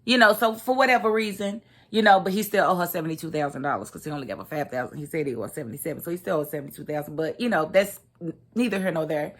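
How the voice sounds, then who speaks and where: A woman giving a casual, expressive recap of a TV episode, laughing and acting out the characters' lines. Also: deep voice, racing. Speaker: TV recap host.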